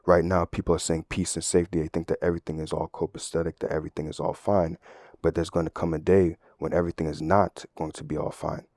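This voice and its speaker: Rumbling low and darkish in tone, a man preaches a casual sermon fast and with flat delivery, recorded cleanly in a studio without echo. He frames his Bible teaching conversationally, often asking "right?" and reaching for everyday and sports analogies.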